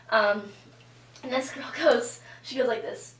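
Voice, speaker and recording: A woman's voice: fairly high pitch, measured pace, distant mic. A young woman telling a story to her vlog viewers in a casual, chatty way, full of "like" and acted-out quotes. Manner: chatty, filler-heavy with lots of "like" and quoted reactions. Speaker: vlogger. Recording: roomy echo, voice a bit off-mic.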